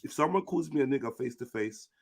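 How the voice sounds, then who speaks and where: A man's voice: mid-range voice, expressive, quick pace. A man hosting a live online panel discussion, speaking firmly and insistently. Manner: firm, insistent. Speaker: stream host.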